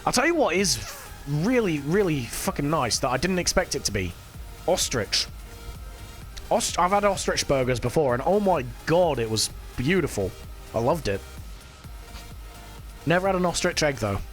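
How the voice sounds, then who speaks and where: A man's voice: a little high, big pitch swings, moderate pace, long pauses. A man chatting casually with his live-stream chat while he plays, swearing now and then. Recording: faint music behind.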